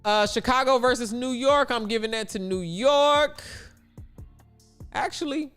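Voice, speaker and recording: Chatty high-voiced man hosting a livestream. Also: measured pace, clean tone, soft background music. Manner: animated, chatty, blunt asides. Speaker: livestream host. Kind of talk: casual sports talk livestream.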